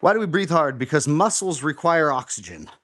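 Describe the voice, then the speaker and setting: A man's voice: on the high side, very animated, fairly quick, a bit bright, no room sound, studio quality. A man hosting a live home workout, explaining form and counting reps aloud in an encouraging way. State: slightly out of breath. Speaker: fitness host.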